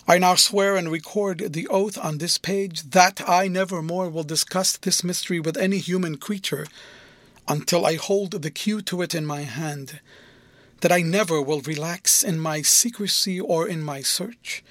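Grim vow-swearing man, read by a male narrator, solemn, measured, audiobook, dry sound. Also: on the high side, a bit bright, no echo. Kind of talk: audiobook character reading.

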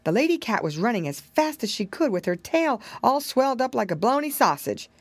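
A woman reading a children's storybook aloud, with gentle, expressive storytelling. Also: fairly high pitch, a little fast, slightly rough, no room sound. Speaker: audiobook reader.

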